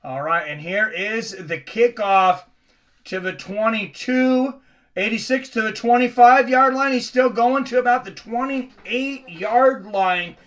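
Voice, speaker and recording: A man's voice: high-pitched, slow, a bit bright. A man from the Seattle area hosting a live sports reaction stream, chatting casually with viewers between plays.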